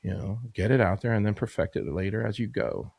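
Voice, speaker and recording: A man in his fifties with a low, gravelly voice tells a story at a quick clip. He is a podcast guest, rambling and casual, filling gaps with "you know" and "like." The sound is dry and close. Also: expressive, darkish tone, dry recording. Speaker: podcast guest, business owner.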